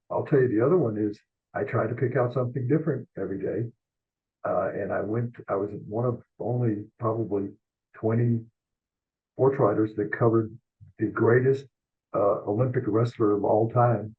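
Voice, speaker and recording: Husky older man telling tales over a tinny line. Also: fairly low pitch. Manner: animated rambling anecdotes, quick asides. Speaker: sports columnist guest. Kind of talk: storytelling interview.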